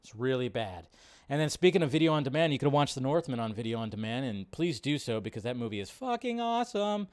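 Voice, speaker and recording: A man hosting a live stream, chatting casually and excitedly with lots of fillers and swearing. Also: mid-range voice, fast, no room sound. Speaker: host.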